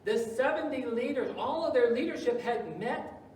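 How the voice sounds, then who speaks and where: A man preaching a sermon as pastor, swinging between loud emphasis and hushed asides. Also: very high voice, expressive, moderate pace, very echoey, recorded from a distance, a little hiss or hum, rough recording. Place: church sanctuary.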